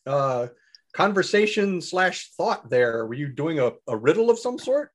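Man, tabletop player, in-character chat, inquisitive, high lively voice, husky. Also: unhurried. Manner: chatty, inquisitive, plays his character.

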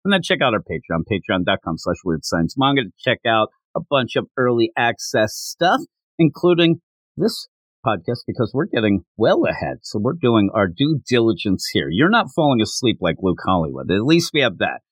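A man's voice: fairly low pitch, sing-song, normal speed, no room sound. A man hosting a casual manga podcast, rambling and joking, often restarting his sentences. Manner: rambling, self-interrupting, joking. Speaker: podcast host.

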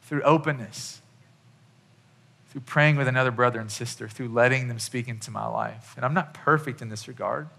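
A man's voice: medium pitch, moderate pace, creaky, pushed and bright. A man in his thirties, a pastor, giving a conversational sermon with many restarts.

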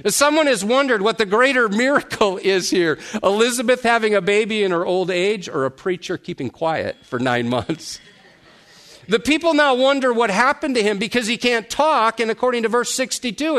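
A male pastor preaching a sermon, explaining a scripture passage and asking his listeners rhetorical questions, slowing down when he reads the verses aloud. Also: high voice, fairly bright tone. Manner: slows to a deliberate pace when reading scripture.

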